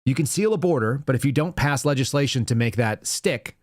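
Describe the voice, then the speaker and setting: A man's voice: medium pitch, lively intonation, a little fast, no room sound, studio quality. A male podcast host giving wry, sarcastic commentary while reading headlines aloud. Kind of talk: live-stream commentary.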